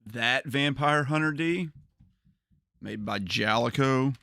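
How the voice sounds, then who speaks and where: A man's voice: medium pitch, slow pace, creaky, sharp tone, no room sound. A man streaming a game, chatting casually and telling funny stories he often laughs through. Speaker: gaming streamer. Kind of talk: casual storytelling while playing a game.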